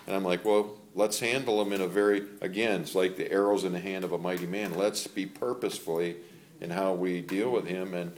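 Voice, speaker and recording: Older guy, kinda low voice, rambly churchy parenting advice, chuckles a lot. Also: fairly even intonation, fairly quick, darkish tone, a little hiss or hum. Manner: rambling, laughs while telling stories. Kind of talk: casual faith-based parenting talk.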